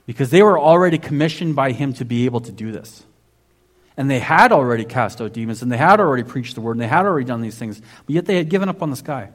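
A man's voice: mid-range voice, expressive, fast. A man preaching a sermon in a conversational way, often restarting and saying "basically". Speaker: pastor.

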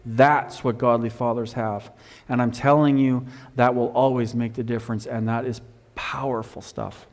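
A man preaching a sermon, telling a Bible story with animated emphasis, swinging from loud to quiet. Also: normal speed, big-room sound. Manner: animated storytelling, rising loud for emphasis then dropping low.

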